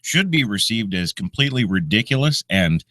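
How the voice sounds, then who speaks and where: A man's voice: fairly low pitch, big pitch swings, moderate pace, a bit bright, dry recording, clean studio sound. A man co-hosting a radio morning show, ranting and stumbling over repeated words when worked up. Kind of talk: casual talk radio chat. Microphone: studio mic.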